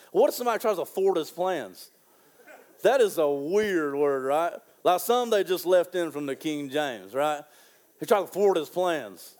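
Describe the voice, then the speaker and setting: A man with a slightly high voice preaches a sermon in an animated, excitable way. He repeats phrases and draws key lines out slowly.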